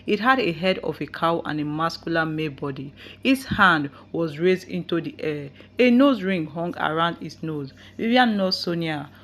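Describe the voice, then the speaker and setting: A woman narrating a folktale in a steady reading voice. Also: low-pitched, moderate pace, hardly any pauses. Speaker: storyteller. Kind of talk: scripted story narration.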